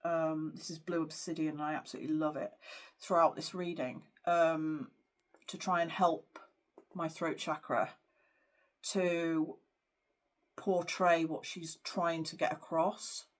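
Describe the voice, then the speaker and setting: A woman psychic medium gives a spiritual card reading to camera, speaking earnestly but hesitantly with plenty of fillers and growing emotional at times. Her voice is deep and unhurried, with little pitch movement.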